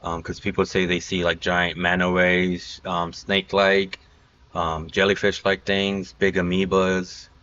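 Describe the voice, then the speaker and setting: Podcast host, man, low pitched and bright-edged voice, loose rambling delivery, dull lo-fi audio. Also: little pitch movement, a little slow, clear, resonant tone. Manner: rambling, filler-heavy storytelling. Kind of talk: casual podcast chat.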